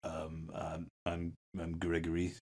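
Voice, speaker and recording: A man's voice: low voice, monotone, takes it slowly, a little mellow, no echo, studio quality. A man playing a tabletop game, recounting a memory in character in a hesitant way. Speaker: player. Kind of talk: in-character tabletop role-play.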